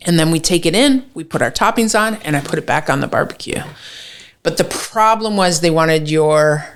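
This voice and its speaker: A woman's voice: sits low, expressive, moderate pace. A woman chef telling a story as a podcast guest, swearing freely and acting out what people said. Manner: swears freely, acts out quoted dialogue. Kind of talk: animated storytelling in casual chat.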